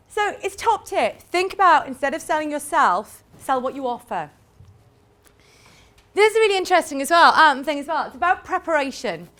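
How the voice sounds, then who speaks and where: A woman giving a lively sales talk to a live audience, acting out little scenes in quoted voices. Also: high-pitched, moderate pace. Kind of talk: lively conference presentation.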